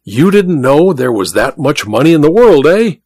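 A man's voice: fairly high pitch, very animated, moderate pace, a little mellow, no room sound, studio quality. A man voicing a boisterous, wealthy male mining magnate who banters and boasts heartily in a storybook reading. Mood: jovial.

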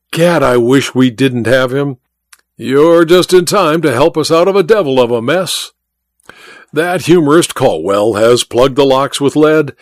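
A man's voice: medium pitch, no room sound, studio quality, natural voice. A man reading aloud, voicing a boisterous wealthy club member in a hearty, blustering manner.

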